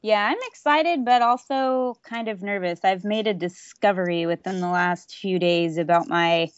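A woman's voice: mid-range voice, moderate pace, a little hiss or hum. Opinionated woman podcast co-host. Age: adult. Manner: earnest, opinionated, explains at length. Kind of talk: casual chat. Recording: slightly dull dry audio.

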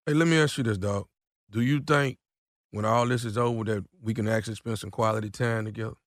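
A man's voice: on the low side, steady tone, quick pace, dry recording, clean studio sound. A man making a radio prank call, hesitant and stammering, drawing out his words.

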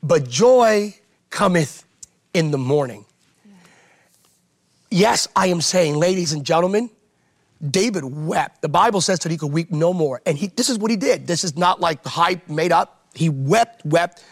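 A pastor preaching with fervor, his high voice carrying a gravelly edge. He hammers his points home by repeating phrases over and over, sermon-style, even in conversation. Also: measured pace. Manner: emphatic, repeats phrases for rhetorical effect.

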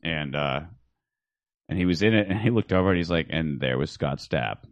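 Low-voiced man, comic co-host, loud mock outrage, dry close mic. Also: lively intonation, normal speed, no echo. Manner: loud exaggerated disgust, profane. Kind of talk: casual comedic chat.

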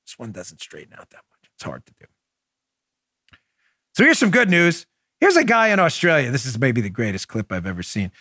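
A man's voice: mid-range voice, big pitch swings, a little fast, a bit bright, dry recording. Male political talk host, heated and repetitive delivery, recorded dry and close. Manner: emphatic, repetitive, exasperated. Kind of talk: impassioned political monologue.

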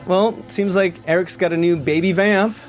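Male show host, slightly high voice, chatty and upbeat, steers the panel. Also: steady tone, moderate pace, music in the background. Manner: upbeat, chatty, leads the discussion. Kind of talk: TV recap chat show.

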